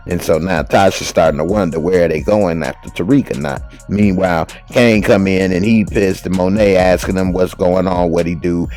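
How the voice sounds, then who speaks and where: A man giving a casual, slangy recap of a TV episode, telling the story with animated delivery and acting out the characters' lines. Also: sits low, normal speed, few pauses, soft background music. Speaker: TV recap host.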